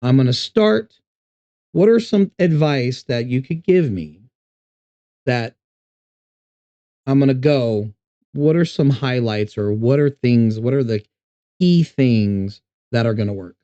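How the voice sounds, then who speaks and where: A man's voice: medium pitch, slow pace, pauses often, warm tone, no room sound, muffled recording. A man hosting an interview, asking loose, playful questions. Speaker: interview host.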